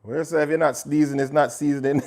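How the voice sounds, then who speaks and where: Jamaican male chef, relaxed live-stream host, playful and talkative. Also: fairly high pitch, gravelly. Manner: chatty and joking, talks straight to viewers. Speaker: chef hosting a livestream. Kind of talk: casual live cooking chat.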